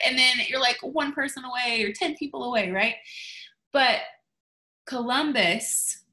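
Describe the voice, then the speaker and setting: Bright, chatty woman on a video call. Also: sits high, unhurried. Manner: chatty, gushing, heavy on "like". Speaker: team leader. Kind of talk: motivational team talk.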